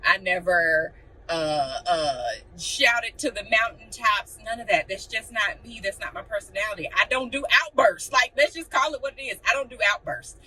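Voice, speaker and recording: Bright-voiced, blunt young woman vlogger. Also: medium pitch, normal speed, far from the mic, a little hiss or hum, poor audio. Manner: blunt, animated, acts out quotes. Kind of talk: casual chat to camera.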